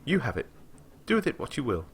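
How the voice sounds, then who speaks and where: A man's voice: mid-range voice, wildly swooping pitch, quick pace, breathy edge, voice pushed up, full character voice. A man voicing an eager, secretive young woman mathematician in a story game, with a lilting, confiding manner. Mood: teasing.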